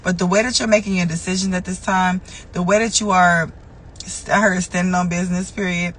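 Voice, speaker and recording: A woman's voice: lowish voice, steady tone, a little fast, a bit bright, slightly rough, poor audio. Casual, cussing woman giving a tarot reading. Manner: loose and conversational, with frequent swearing; emphatic, repeats key phrases. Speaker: tarot reader.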